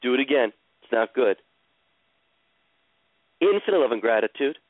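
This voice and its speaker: Man, live coaching, slow soothing repetitive guidance, tinny phone-like sound, dry. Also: mid-range voice, lively intonation, no room sound. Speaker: host coaching a caller.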